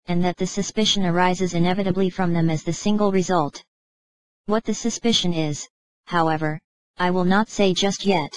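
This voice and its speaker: Low-voiced woman reading steadily. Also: no echo, rough recording. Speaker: audiobook narrator. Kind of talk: scripted narration.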